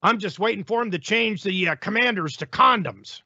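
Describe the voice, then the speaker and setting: A man's voice: high-pitched, normal speed, bright, forceful tone, no room sound, highs cut off. A male talk show host giving opinionated, sarcastic news commentary in a ranting manner.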